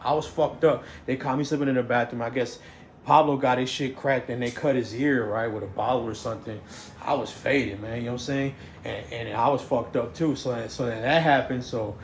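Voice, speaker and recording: A man, telling a story in a rambling way, stammering and restarting, saying "you know what I'm saying" over and over. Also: medium pitch. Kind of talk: casual storytelling. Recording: echoey room, faint noise.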